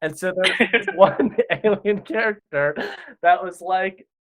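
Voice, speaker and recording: A man's voice: high voice, unhurried, heavy background noise. A man chatting casually in an interview, talking enthusiastically in rambling sentences full of "like". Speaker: podcast director.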